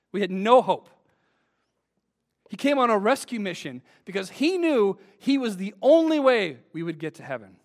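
Male preacher, high voice, earnest sermon delivery with emphatic swells. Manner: earnest, rising to emphatic peaks.

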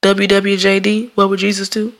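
A woman's voice: medium pitch, completely flat delivery, moderate pace. A woman from Jamaica hosting her own podcast, talking in a rambling, casual way and laughing often. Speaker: podcast host. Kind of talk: casual solo podcast monologue.

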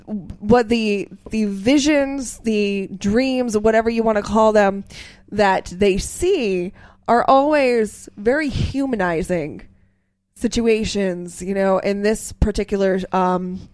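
A woman's voice: medium pitch, darkish tone, no echo. A woman chatting casually about a movie in loose runs full of fillers. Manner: talks in loose, halting runs with many fillers.

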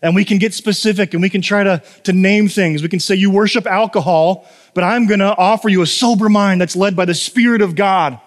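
A man delivers a sermon like a friendly chat, weaving in self-deprecating stories and tossing out "right?" to his listeners. His voice sits a little high for a man, and a long hall reverb trails his words. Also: fairly quick, few pauses. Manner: conversational, self-deprecating storytelling with frequent "right?". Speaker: pastor.

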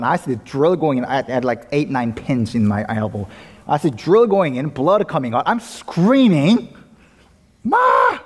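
A male pastor delivers a sermon in a mid-range voice, rising emphatic one moment and dropping to a hush the next. His words ring out with the long reverb of a church hall. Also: medium pitch. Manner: emphatic, swings from loud to hushed. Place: church sanctuary.

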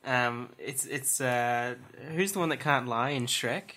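A woman's voice: a bass voice, measured pace, a bit bright. A woman chatting casually about a film with short remarks. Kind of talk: casual chat.

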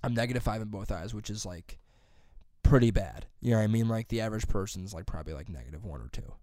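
A young man telling a rambling high school story on a podcast, swearing freely and saying "dude" and "like" constantly. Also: fast, warm tone, dry recording, clean studio sound. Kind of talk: casual storytelling chat.

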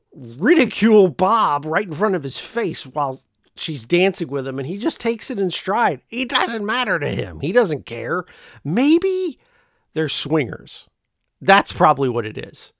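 A man's voice: fairly high pitch, fairly bright tone, no room sound, clean studio sound. A man casually retelling a film plot, rambling and joking with lots of fillers. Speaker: podcast host recapping a film. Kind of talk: casual chat.

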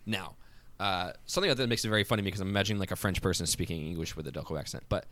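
A man with a Philadelphia accent, a podcast guest telling stories in a playful, animated way. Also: low-pitched, very fast. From Philadelphia area. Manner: animated storyteller, playful, self-deprecating. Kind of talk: casual podcast chat.

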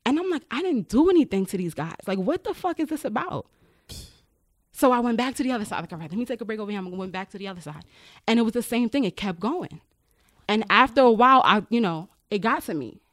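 Frank, lively woman retelling work stories. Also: fairly high pitch, fast, dry recording, clean studio sound. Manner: animated, acts out others' voices when retelling; frank, uses profanity. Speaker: corrections officer guest. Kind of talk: conversational podcast storytelling.

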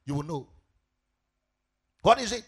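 A Ghanaian man preaching a sermon as pastor, asking the congregation questions and rising into shouted, sing-song swells. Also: on the high side, lively intonation, unhurried, husky.

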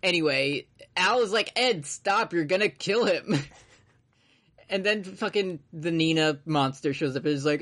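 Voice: mid-range voice, unhurried. A podcast co-host casually retelling an anime plot, swearing and laughing along the way. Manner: animated storyteller, swears, laughs. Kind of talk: casual chat recapping an anime.

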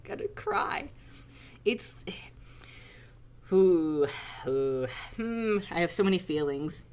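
A young woman in casual podcast chat, animated, laughing often and groaning in mock despair. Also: deep voice, takes it slowly, clear, resonant tone. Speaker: podcast co-host.

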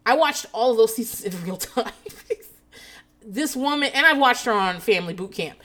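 A woman's voice: a little high, animated, moderate pace, pushed and bright. A woman in a rambling, casual chat, sarcastic and heavy on profanity.

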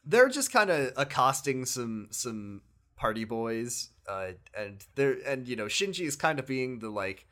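With a medium-pitched voice and a measured pace, a man co-hosts a podcast and casually recaps a video game. Animated throughout, he laughs often and acts out what the characters say.

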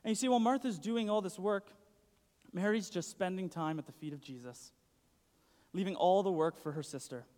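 A young man gives a casual, chatty sermon, saying "like" a lot. His voice is high and darkish at a normal speed, and long hall reverb surrounds the recording.

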